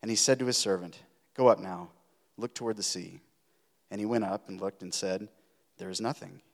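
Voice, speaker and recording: A man reading scripture aloud in a church, giving the quoted speech expressive lifts. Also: sits low, normal speed, creaky. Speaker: scripture reader. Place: church sanctuary. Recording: long reverb of a large hall.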